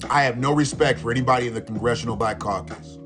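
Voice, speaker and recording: A man hosting a live stream, ranting in a profane, animated way with laughing asides. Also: medium pitch, quick pace, music in the background. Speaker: livestream host. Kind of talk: live commentary rant.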